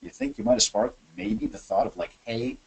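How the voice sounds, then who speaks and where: A man hosting a webinar from his office, coaching sales in an energetic, chatty way and acting out phone calls. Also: lowish voice, fairly quick, slightly rough, rough recording. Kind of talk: animated software demo and sales coaching.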